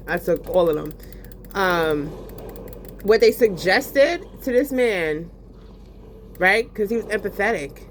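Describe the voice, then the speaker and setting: A woman ranting casually while gaming, profane and animated, full of fillers. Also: mid-range voice, a little hiss or hum. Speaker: vlogger.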